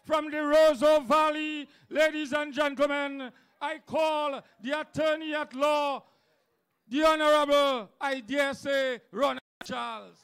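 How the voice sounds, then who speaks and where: A man's voice: extremely high pitch, fairly even intonation, unhurried, a bit bright, shouting. A man, a rally emcee formally announcing and introducing speakers.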